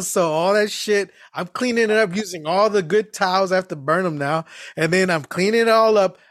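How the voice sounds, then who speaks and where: Brief: young male podcast host, high-pitched, dry close sound, swears freely, tells stories with voices. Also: moderate pace, hardly any pauses, dry recording. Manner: profane, animated storyteller who slips into quoted voices. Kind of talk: casual storytelling chat.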